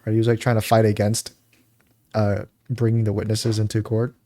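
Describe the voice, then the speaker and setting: A man's voice: on the low side, completely flat delivery, fairly quick, mellow. Laid-back man in casual podcast chat. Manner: rambling, laughs often, acts out quotes. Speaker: podcast co-host.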